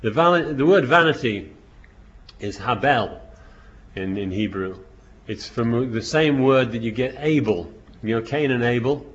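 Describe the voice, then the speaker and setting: A man's voice: medium pitch, unhurried. A man preaching a sermon, reading scripture verses aloud and then explaining them, with frequent restarts and bursts of emphasis. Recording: dull lo-fi recording.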